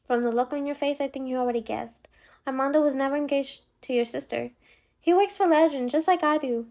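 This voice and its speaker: A woman reads a young man with a low, lilting voice, urgent and guarded. A gravelly grain sits under his calm, steady warnings in this storybook scene. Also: a little fast. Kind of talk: audiobook character voice.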